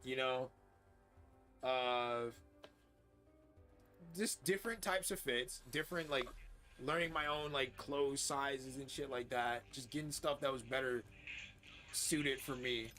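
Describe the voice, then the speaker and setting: A man's voice: medium pitch, slow, pauses often, bright, forceful tone, soft background music. A man in his twenties chatting candidly and profanely while livestreaming a game, rambling with lots of fillers. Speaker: gaming streamer. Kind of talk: casual chat while livestreaming.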